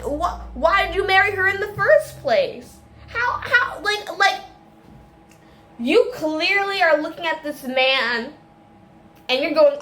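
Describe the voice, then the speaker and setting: A woman in a casual video, ranting about a film in a rambling, animated way, full of restarts and tangents. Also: extremely high pitch. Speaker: video creator.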